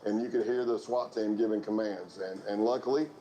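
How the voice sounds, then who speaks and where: A man's voice: lowish voice, fairly quick, slight background noise, low-quality recording. Man telling his story, acting out voices. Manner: animated storyteller, acts out dialogue. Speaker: former undercover informant. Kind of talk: recounting events in an interview.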